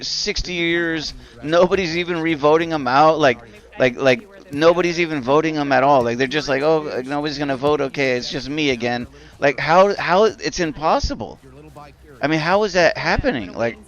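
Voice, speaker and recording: A man's voice: a little high, fairly bright tone, highs cut off. Rambling, foul-mouthed man ranting on stream. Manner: rambling, profane, heavy use of "like". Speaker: game streamer. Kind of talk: casual rant while gaming.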